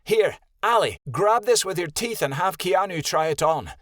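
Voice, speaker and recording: A man voicing a bossy, practical young male wolf who gives brisk orders. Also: high voice, lively intonation, no echo, clean studio sound, pitched above the performer's own voice.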